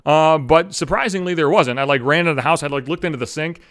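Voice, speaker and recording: Brief: male solo podcast host, cussing storyteller, voice sits a bit high. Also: fast talker, a bit bright. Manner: profane, rambling, self-mocking.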